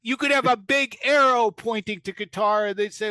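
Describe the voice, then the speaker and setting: A man's voice: high voice, moderate pace, sharp tone, no echo. A man co-hosting a casual political podcast, making wry, sardonic remarks. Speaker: podcast co-host.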